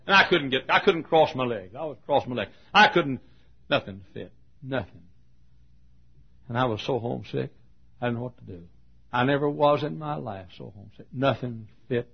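A gravelly, husky older man preaches in a folksy storytelling sermon, stumbling over repeated words and coughing often. His voice carries through a church auditorium on a dull, lo-fi recording. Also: mid-range voice, moderate pace, long pauses. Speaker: pastor.

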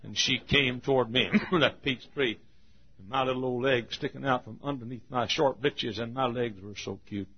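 Older male preacher, husky folksy sermon delivery, muffled old tape sound. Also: mid-range voice, normal speed. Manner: folksy, laughing, shouting for emphasis.

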